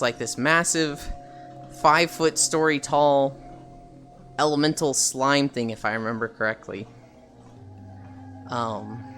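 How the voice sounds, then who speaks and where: A man's voice: medium pitch, bright, forceful tone. A man streaming while walking, chatting casually about a video game with lots of fillers and casual swearing.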